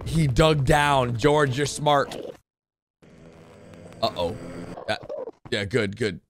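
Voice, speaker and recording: A man giving excited reaction commentary to animated clips, blurting out reactions and cheering the characters on. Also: mid-range voice, takes it slowly, heavy background noise. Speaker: reaction video host. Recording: animation audio and music playing behind.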